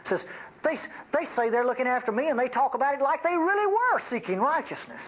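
A man's voice: extremely high pitch, very animated, quick pace, breathy edge. A man preaching a folksy, bantering sermon to his congregation, in a dull lo-fi recording. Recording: dull lo-fi recording, faint noise.

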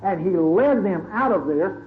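A high-voiced man preaches a sermon, dramatic and conversational, acting out the stories as he tells them. The sound is thin and phone-like, with a faint hiss in the background. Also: lively intonation, a little slow.

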